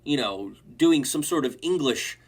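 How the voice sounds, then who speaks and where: A man's voice: a little high, expressive, unhurried. A young man hosting a reaction video, mockingly reading online comments aloud. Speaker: host.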